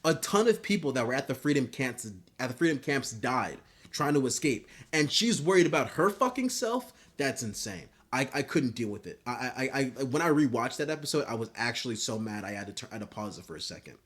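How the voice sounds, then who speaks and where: A man's voice: medium pitch, sing-song, a little fast, hardly any pauses, fairly bright tone. A man giving profane, frustrated video commentary on a TV show, often stammering and restarting his sentences. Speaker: TV show critic.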